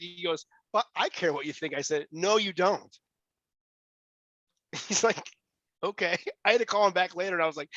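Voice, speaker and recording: Brief: fast-talking man, blunt and profane, slightly higher voice, dry and muffled sound. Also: expressive, fairly bright tone, no room sound. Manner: blunt, profane, repeats words when he starts a sentence. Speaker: guest. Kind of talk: motivational interview talk.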